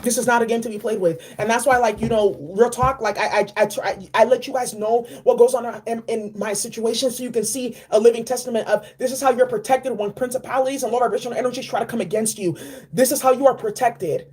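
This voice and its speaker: Lady doing a chill card reading, kinda high voice, lots of slang, keeps repeating stuff. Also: fast, husky. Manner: animated, slangy, repeats key phrases. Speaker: tarot and oracle card reader. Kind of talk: casual spiritual card reading.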